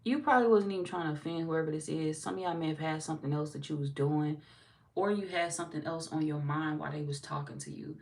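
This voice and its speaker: A woman's voice: low voice, fast, recorded from a distance. A woman giving a casual tarot reading, talking bluntly with lots of cursing and acting out what other people say. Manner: blunt, profane, animated, slips into quoted voices. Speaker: tarot reader.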